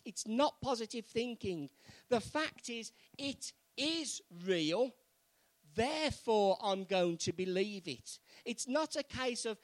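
A man preaching a sermon, moving from quiet, earnest pleading to loud, fervent exhortation. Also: sits high, no room sound, poor audio.

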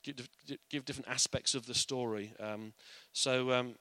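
Man, earnest Bible teacher, conversational, bright tone, dry close sound. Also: mid-range voice, steady tone, normal speed, dry recording.

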